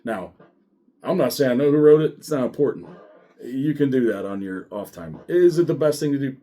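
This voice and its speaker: A middle-aged man who once worked as a sheriff's deputy talks straight to the camera in a casual monologue. His delivery is blunt and full of swearing, and it stays lively and animated throughout. His voice sits in an ordinary middle pitch. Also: brisk. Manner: blunt, profane, animated storytelling.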